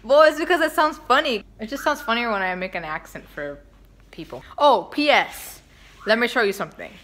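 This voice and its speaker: Bright-voiced young woman vlogging at home. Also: on the high side, animated, fairly quick. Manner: chatty, playful, joking. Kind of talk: casual chat to camera. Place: indoors at home, windy outside.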